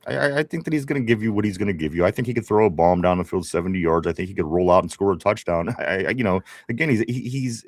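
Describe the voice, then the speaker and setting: Male sports podcast host, Pittsburgh accent, lowish voice, casual, laughs a lot. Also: fast talker, few pauses, no echo, studio quality. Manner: chatty, laughs often, many restarts. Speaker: podcast host reading live chat.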